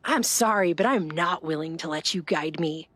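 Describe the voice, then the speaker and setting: A woman's voice: low voice, moderate pace, a bit bright. A woman reading as a smugly polite, stubborn chatbot. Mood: scolding. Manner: overly polite yet insistent, speaks in threes.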